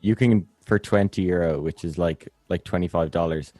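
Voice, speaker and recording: Host: young Irishman, deep voice, relaxed and halting, dry close sound. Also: no room sound. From Ireland. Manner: easygoing, hesitant restarts. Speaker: podcast host. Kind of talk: casual chat.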